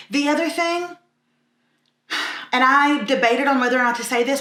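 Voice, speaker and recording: A woman with a high, sharp, bright voice hosts a casual cooking tutorial from her kitchen. She is blunt, sarcastic and pokes fun at herself. The room around her sounds echoey. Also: expressive, normal speed, pauses often, a little hiss or hum. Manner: sarcastic, blunt and self-mocking. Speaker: cooking vlog host.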